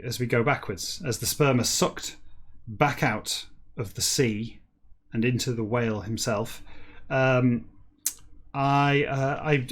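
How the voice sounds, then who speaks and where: A man with a mid-pitched voice reads a text backwards in a flat, deadpan delivery. He stops now and then for dry, self-mocking comic asides. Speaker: host reading a novel backwards.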